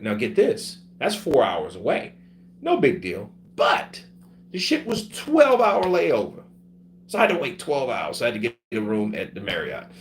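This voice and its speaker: A man with a fairly low voice tells his story casually and swears freely. He is sick, and he acts out the people he talks about. A faint hum runs behind him. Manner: profane, animated, acts out other people's voices. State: sick with covid. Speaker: vlogger telling his travel story.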